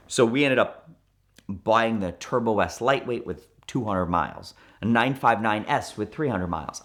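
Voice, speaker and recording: A man in his thirties, a car dealer, telling a story with lively restarts and acted-out dialogue. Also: medium pitch. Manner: animated, many restarts and quoted dialogue. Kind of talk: storytelling interview.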